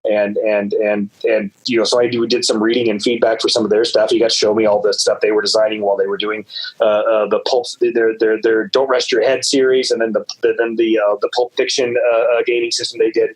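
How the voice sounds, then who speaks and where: Husky-voiced man telling rambling stories. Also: brisk, low-quality recording. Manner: rambling, lots of "uh, uh" and repeated words; animated, jumps up in pitch when quoting people. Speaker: guest author. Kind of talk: casual interview storytelling.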